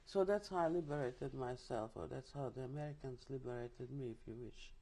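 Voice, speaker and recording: Older woman, interview testimony, lively storytelling, dark mellow timbre. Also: a bass voice, brisk. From Czechoslovakia. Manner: vivid storytelling with restarts and asides. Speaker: interviewee, Holocaust survivor. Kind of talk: oral history testimony.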